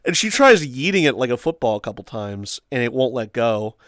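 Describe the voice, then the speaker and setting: Animated young man telling a story. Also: mid-range voice, brisk, dry recording, studio quality. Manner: animated storytelling, acts out quotes in squeals and shrieks. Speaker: host. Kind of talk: casual chat.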